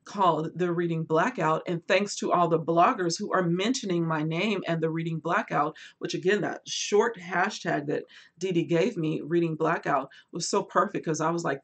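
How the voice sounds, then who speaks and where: A woman hosting a casual book livestream, chatting animatedly and reading viewer comments aloud, swinging between lively bursts and quiet asides. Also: on the low side, moderate pace, breathy edge. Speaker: booktube host.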